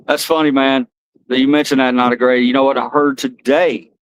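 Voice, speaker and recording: A man's voice: medium pitch, flat delivery, fairly quick, a little hiss or hum, rough recording. An American man hosting a livestream, rambling loosely and chatting with viewers by name. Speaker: livestream host. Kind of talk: casual chat with chat readers.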